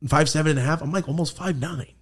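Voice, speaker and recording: A man's voice: a little high, fast, breathy edge. A young man hosting a podcast, telling a story in casual chat, swearing freely and acting out the people he quotes. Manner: animated, profane, acts out quoted voices. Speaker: podcast host.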